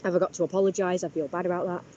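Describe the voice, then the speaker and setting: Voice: medium pitch, flat delivery, racing, mellow, slight background noise. A person, vlogging outdoors by a canal in a chatty, boastful, wandering monologue. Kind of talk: casual rambling monologue. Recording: slightly muffled outdoor recording, faint background.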